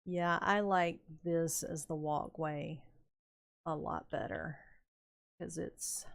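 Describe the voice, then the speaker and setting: Slow and gravelly, this older woman streamer talks in a low voice with fairly even intonation. As she builds in a game, she drifts through unhurried anecdotes, with many fillers and frequent laughter.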